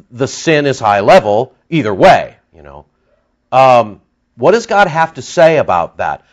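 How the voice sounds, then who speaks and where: A man preaching a sermon with impassioned, emphatic delivery that rises into outbursts. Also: mid-range voice. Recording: dull lo-fi sound.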